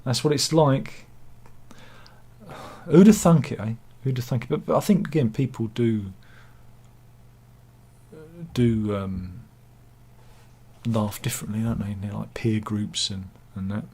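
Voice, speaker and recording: A man's voice: on the low side, fairly even intonation, unhurried, pauses often, a little mellow, a little hiss or hum. A man giving casual satirical news commentary, full of wry self-mocking asides and mock-dramatic quips. He talks over pictures he shows. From England.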